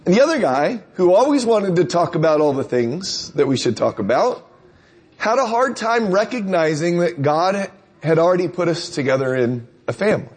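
A man's voice: high voice, big pitch swings, normal speed, breathy edge. A man preacher delivering a conversational sermon, telling stories and asking rhetorical questions.

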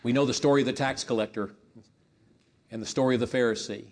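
A man preaching a sermon with impassioned delivery, rising to emphatic peaks and dropping low, leading a spoken prayer. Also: fairly even intonation, quick pace. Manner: leads a spoken prayer to God.

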